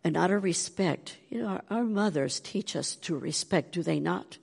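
A woman's voice: on the low side, normal speed, gravelly, hardly any pauses, slightly rough, in a large hall. An older woman tells her testimony animatedly, acting out the voices of the people in her story. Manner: animated, acts out quoted voices. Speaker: speaker giving a testimony.

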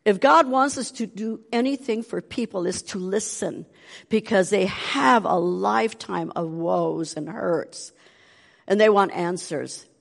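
A woman's voice: medium pitch, unhurried, vocal fry, long reverb tail. An older woman tells her testimony animatedly, acting out the voices of the people in her story. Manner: animated, acts out quoted voices. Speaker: speaker giving a testimony.

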